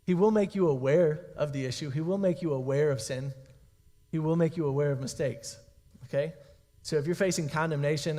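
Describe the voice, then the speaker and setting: A man's voice: fairly high pitch, a little fast, darkish tone. A young man preaching a youth sermon in a casual, conversational way, checking in with his listeners often. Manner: casual, conversational preaching with frequent "okay?" and "guys". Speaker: youth pastor. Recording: long reverb of a hall.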